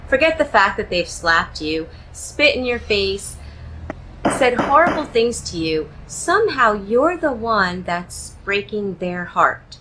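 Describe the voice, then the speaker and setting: A woman relationship coach giving advice straight to the viewer in a measured, emphatic way, leaning on key words. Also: medium pitch, sing-song, sharp tone, a little hiss or hum, rough recording. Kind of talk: direct-to-camera advice talk.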